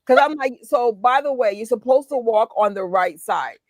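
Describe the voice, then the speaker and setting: A young woman from New chats casually as a co-host, her New plain in every line. She tells her stories with animated energy, laughs often and acts out the exchanges. Her voice is recorded close and dry, with no room sound. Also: a little high, normal speed, no room sound. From New York. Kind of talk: casual chat.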